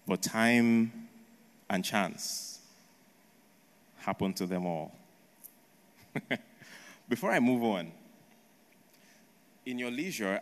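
A male preacher who tells history as a story in his sermon, tossing in rhetorical questions and a repeated "right?". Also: lowish voice. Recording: long echo of a large hall.

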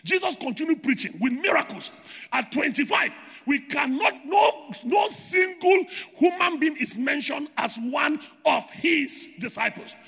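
A man preaching a sermon with loud shouted declarations and rhythmic repetition, recorded in a large reverberant hall. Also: extremely high pitch, lively intonation, measured pace, vocal fry.

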